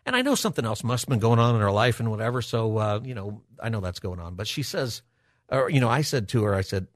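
A man hosting a Christian talk radio show, speaking in a relaxed, conversational way with many filler words. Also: mid-range voice, fast talker, no echo, studio quality. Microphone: studio microphone.

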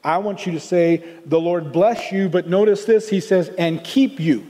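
Southern American preacher with a mellow voice. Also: male voice, sits high, moderate pace, long reverb tail. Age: older. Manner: conversational, earnest, with many restarts. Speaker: pastor. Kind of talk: sermon.

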